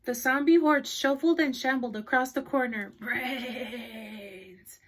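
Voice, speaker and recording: A woman's voice: sits high, moderate pace. A woman librarian reading a picture book aloud to children. She stops to ask her listeners questions and laughs often.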